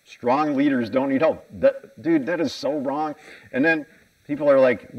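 A man's voice: mid-range voice, steady tone, moderate pace, far from the mic, muffled recording. An American man giving a conference keynote talk, candid and self-mocking, asking the audience questions. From United States. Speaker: conference speaker. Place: conference hall stage.

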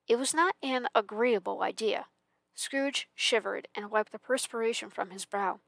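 A woman reading a classic story aloud for a library, with calm, measured narration. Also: fairly high pitch, vocal fry, no echo. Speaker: library reader.

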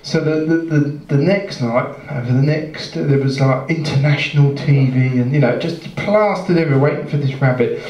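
A man's voice: medium pitch, normal speed, few pauses, darkish tone. Rambling man telling a joke on a club stage. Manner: rambling, self-interrupting, chuckling. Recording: roomy, distant, dull live club sound.

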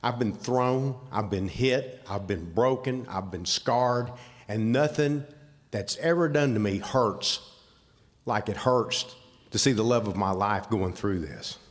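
A man's voice: lowish voice, takes it slowly. Older Southern man at a podium, folksy and plainspoken, voice ringing through a big reverberant hall. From Southern United States. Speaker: award recipient speaking for his wife. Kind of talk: speech at an awards ceremony. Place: large convention hall.

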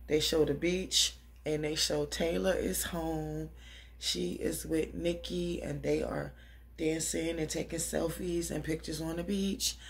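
Gravelly-voiced woman chatting a slangy recap. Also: sits low. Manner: chatty, slangy, moving around and dancing while talking. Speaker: vlogger recapping a TV episode.

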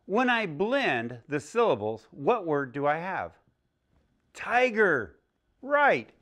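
A man teaching young children a phonics lesson, speaking slowly and clearly with an exaggerated teaching delivery. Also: on the high side, big pitch swings, a bit bright. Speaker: early-learning teacher.

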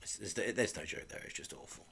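Speaking a little fast in a somewhat bright voice, a podcast co-host in his thirties tosses off dry jokes while going over events in relaxed comedic conversation. There's slight background noise.

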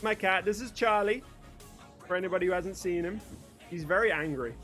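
A young British man with a mostly neutral accent and a fairly high voice hosts a live stream. He chats in a loose, friendly way, thanks viewers and reads out the chat. Soft music plays faintly behind him. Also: brisk. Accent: British English, mostly neutral. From Birmingham, England. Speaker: streamer host.

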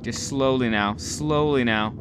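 A young man giving live gameplay commentary, talking to himself, excitable and swearing often. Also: mid-range voice, unhurried, noisy background. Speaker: gaming video host.

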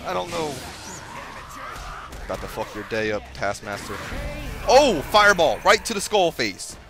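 A young man hosting his gaming video, giving profane, excitable commentary with sudden yelps while he plays. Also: fairly high pitch, normal speed. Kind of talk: profane live gameplay commentary. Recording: game music behind voice.

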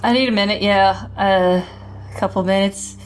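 A woman's voice: mid-range voice, fairly even intonation, moderate pace, noisy background. A woman streaming a horror game, reacting with jittery swearing and nervous laughter and reading game text aloud. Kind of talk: live gameplay commentary.

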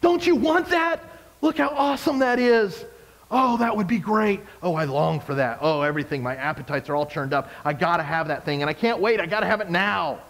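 A man's voice: sits high, a little fast, a bit bright. A man voicing the sinful flesh as a greedy, urgent voice that whines and demands things right now. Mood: craving. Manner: whiny and impatient.

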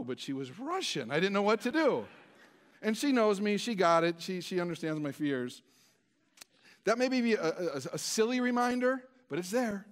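A man's voice: high voice, sing-song, normal speed. A male pastor preaching a storytelling sermon in a conversational, self-deprecating way, with many stammered restarts.

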